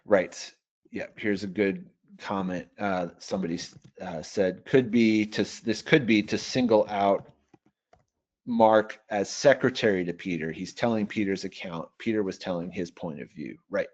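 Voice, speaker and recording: A man leading an online teaching webinar, reading Greek slowly and working through its grammar aloud in a measured way. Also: low-pitched, steady tone, darkish tone. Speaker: Bible software trainer. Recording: dull lo-fi webinar audio.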